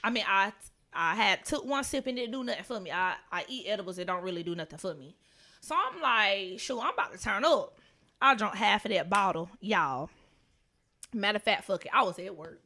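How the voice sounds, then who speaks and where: A young woman co-hosting a podcast, telling a wild story in casual, profane chat with bursts of loud laughter. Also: mid-range voice, animated, brisk. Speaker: podcast co-host.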